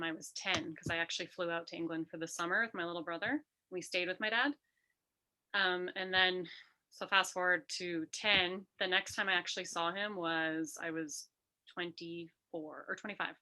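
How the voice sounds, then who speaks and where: A woman guest on an interview, talking through a personal story with lively energy. Her voice sits low but has a bright, forward edge. She often slips into quick re-enactments of what people said. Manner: animated, re-enacts quotes in a lively voice.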